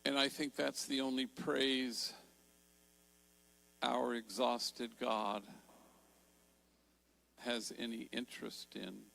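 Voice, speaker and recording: An older man giving a storytelling talk in a large church, slowing down to stress key words. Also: mid-range voice, level tone, vocal fry, low-quality recording. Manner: warm storytelling, slows for emphasis. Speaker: Jesuit priest and speaker.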